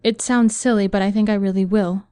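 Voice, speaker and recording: A woman voicing a tired, self-reproaching young woman in an audiobook, speaking in a flat, exhausted way. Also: medium pitch, a little fast, clean tone, no room sound, clean studio sound, close to an everyday voice.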